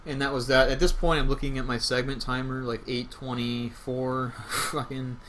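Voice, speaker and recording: A young man casually commentating his own speedrun, rambling and correcting himself as he gets excited. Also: mid-range voice, normal speed, a little hiss or hum.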